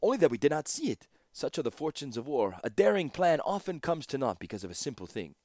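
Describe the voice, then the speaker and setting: Narrator playing a calm, formal war captain, pitched up. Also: male voice, brisk, no room sound, clean studio sound, close to an everyday voice. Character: impassive, unflappable male war captain. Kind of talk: audiobook character voice.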